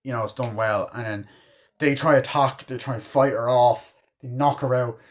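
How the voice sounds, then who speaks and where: A man's voice: medium pitch, fairly even intonation, normal speed. Rambling, profane young-sounding man reviewing films. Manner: rambling, profane, lots of fillers like "you know" and "like"; enthusiastic fan. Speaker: movie reviewer. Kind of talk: casual spoken film review.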